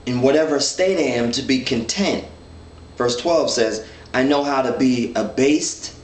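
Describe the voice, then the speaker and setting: A man leading a men's Bible study, reading scripture and explaining it in an earnest, thinking-aloud way with many restarts. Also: fairly high pitch. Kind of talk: informal Bible teaching. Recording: echoey room, mic at a distance, faint ambience.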